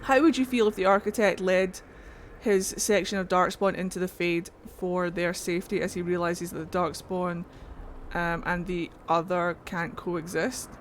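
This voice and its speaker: A woman streamer talking casually over a game, excitable and given to swearing. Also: fairly low pitch, moderate pace, a little hiss or hum. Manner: excitable, swears and laughs a lot. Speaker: gaming streamer. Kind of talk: casual let's-play commentary.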